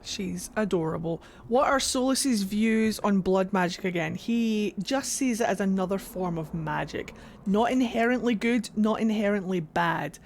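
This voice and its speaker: Brief: chatty Scottish woman streaming a game, rambling, cussing, mid-range voice. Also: mid-range voice. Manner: rambling, swears freely. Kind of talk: casual live-stream chat.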